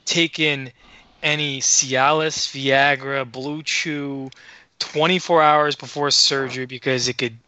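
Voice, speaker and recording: A man casually telling a story on a podcast, animated and profane, acting out the dialogue. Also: medium pitch, takes it slowly, clean tone. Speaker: podcast co-host.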